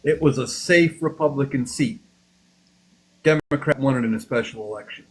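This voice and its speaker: A man's voice: medium pitch, normal speed, poor audio. Earnest man urging on a podcast panel. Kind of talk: casual live podcast talk.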